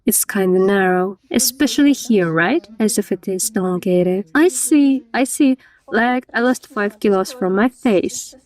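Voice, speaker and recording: A woman's voice: mid-range voice, unhurried, few pauses, a little mellow. A woman in a dubbed casual conversation during a makeup session, talking in short, chatty questions and replies. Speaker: vlogger reviewing a makeup artist.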